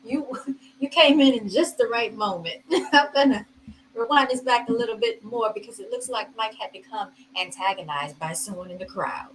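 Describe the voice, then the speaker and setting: Chatty woman vlogger with a raised pitch. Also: normal speed, a bit bright, slight background noise, rough recording. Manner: chatty, addresses viewers as y'all, laughs often. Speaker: host commenting on video clips. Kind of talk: casual commentary vlog.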